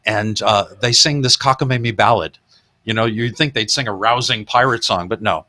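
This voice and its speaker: A man's voice: on the low side, moderate pace, pushed and bright. A man hosting a podcast, retelling film gags in a casual, chuckling way. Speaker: podcast host.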